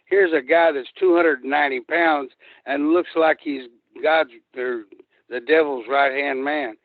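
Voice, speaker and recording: On a tinny, dry phone line, an older wrestler calling in as a guest rambles through profane road stories. He speaks unhurriedly in a fairly high pitch with a steady tone.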